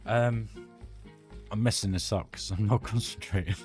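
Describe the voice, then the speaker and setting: A man's voice: on the low side, normal speed, a little mellow, faint music behind. A British man live-streaming a building game, chatting enthusiastically and rambling with restarts. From United Kingdom. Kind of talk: casual live-stream chat while building.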